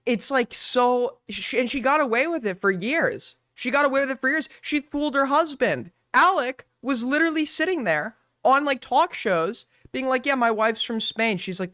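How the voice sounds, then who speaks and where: A male streamer rants on, incredulous and swearing freely, hammering each point twice. His voice comes through smooth and resonant, dry and close to the mic, with no room around it. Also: very high voice, sharp tone, dry recording. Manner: profane, incredulous, repeats himself. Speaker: streamer host. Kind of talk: ranting commentary.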